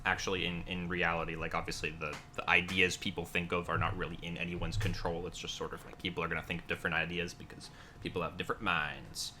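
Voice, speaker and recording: Guest builder, male, very low but bright voice, rambling casual talk with lots of fillers, faint background noise. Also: flat delivery, fast. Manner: rambling, many fillers and restarts. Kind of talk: casual conversation.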